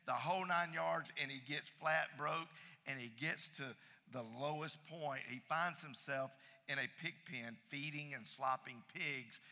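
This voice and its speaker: A man preaching a sermon, emphatic, repeating key phrases and swinging between loud and soft. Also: mid-range voice, big-room sound. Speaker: pastor.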